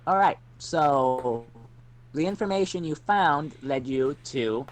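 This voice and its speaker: A man running a tabletop role-playing session as game master. His voice sits a little higher than most men's, and he talks in a loose, chatty way, laughing easily between prompts. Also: expressive, slow pace.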